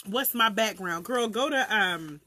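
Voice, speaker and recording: A woman's voice: medium pitch, measured pace, dry recording. A woman with a Southern country accent, a life coach trainer talking casually and energetically to viewers on a livestream, laughing often and using colloquial phrasing. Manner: lively, chatty, preacherly.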